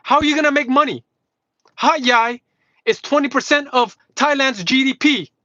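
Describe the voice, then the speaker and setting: A man's voice: extremely high pitch, moderate pace, pushed and bright, dry recording. A man livestreaming a heated, combative rant to his chat, swearing constantly, mocking and repeating himself. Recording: dull lo-fi livestream audio.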